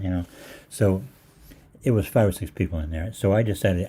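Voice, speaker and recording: Deep-voiced older man telling rambling stories. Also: brisk, mellow. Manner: meandering, full of fillers and restarts, acts out voices. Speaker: holistic practitioner hosting a live Q&A. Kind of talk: rambling anecdotal storytelling.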